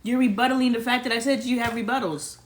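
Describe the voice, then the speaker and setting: Blunt lecturing young woman, high voice. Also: steady tone, fast talker. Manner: blunt, lecturing, swears freely. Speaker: livestream host. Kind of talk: casual family chat.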